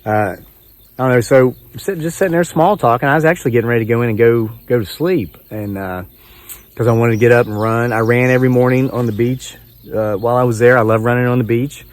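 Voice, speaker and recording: A man's voice: medium pitch, fast. Chuckling easygoing man telling a story. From West Virginia. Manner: chuckling, easygoing, self-mocking. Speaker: homesteading vlogger. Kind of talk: rambling storytelling to camera. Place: outdoors.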